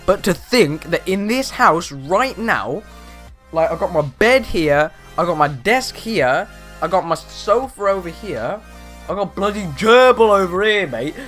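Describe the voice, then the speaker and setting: A teenage boy rambling in casual chat from his bedroom, animated and exaggerating with slang. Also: on the high side, measured pace, faint music behind. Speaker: vlogger.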